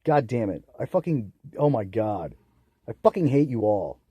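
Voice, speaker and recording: A young man ranting angrily on his own, profane and bitter, swinging into loud outbursts. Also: medium pitch, big pitch swings, normal speed, slightly rough, no echo. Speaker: vlogger. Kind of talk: angry solo rant to camera.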